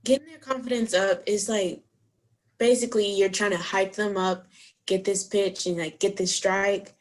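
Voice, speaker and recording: Young woman, hesitant softball catcher. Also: medium pitch, fairly even intonation. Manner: quick, many likes, searches for words. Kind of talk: casual interview.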